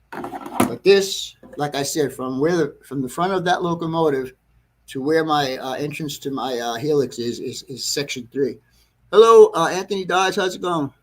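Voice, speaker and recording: Rambling, frustrated man on a livestream. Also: on the high side. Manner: rambling, self-correcting, frequent throat clearing. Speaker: model railroad livestream host. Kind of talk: casual livestream chat to viewers. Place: train layout room at home.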